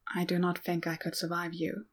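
A woman reading a gruff, steady older male warrior, blunt and dry. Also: fairly low pitch, moderate pace, close to an everyday voice. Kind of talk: audiobook-style fan fiction reading.

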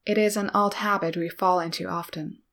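A woman's voice: fairly low pitch, steady tone, normal speed, a bit bright. A woman reading a talkative, teasing blind older male monk with a wry manner. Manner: playful and wry. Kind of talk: audiobook-style fan fiction reading.

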